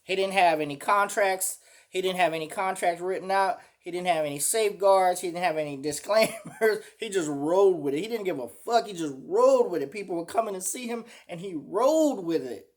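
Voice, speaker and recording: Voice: medium pitch, animated, brisk. A commentator reacting to a clip, indignantly calling the speaker out, swearing and asking the viewers "y'all hear it?".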